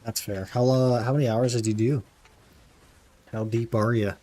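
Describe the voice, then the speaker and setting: A young man chats casually with his viewers while streaming a game, laid-back and often calling them "man." His mid-range voice is warm and steady, moving at a normal speed.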